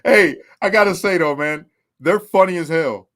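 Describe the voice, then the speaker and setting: Brief: man guest, high voice, slangy and lively storyteller who laughs a lot. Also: normal speed. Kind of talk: casual storytelling.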